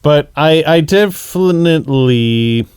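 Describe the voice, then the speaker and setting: A man co-hosting a movie podcast, joking and chiming in with quick agreement. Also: a little high, animated, a little mellow, clear, resonant tone, no room sound, studio quality. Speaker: podcast co-host. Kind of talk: casual chat.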